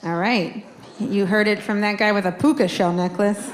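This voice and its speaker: A woman performing a stand-up comedy set, telling a story and acting out quoted lines with animated delivery. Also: mid-range voice, normal speed. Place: comedy club stage with audience. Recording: live club recording with crowd noise. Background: audience laughter.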